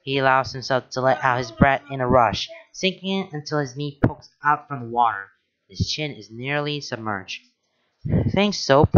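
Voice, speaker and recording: Man narrating a story, casual hesitant asides, mid-pitched voice, dull lo-fi recording. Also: normal speed, a bit bright. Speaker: fan fiction reader.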